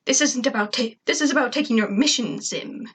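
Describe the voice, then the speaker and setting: A woman voicing a scheming female alien rival in a cold, hushed, cutting tone. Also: a little high, a little fast, slightly rough. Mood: annoyed.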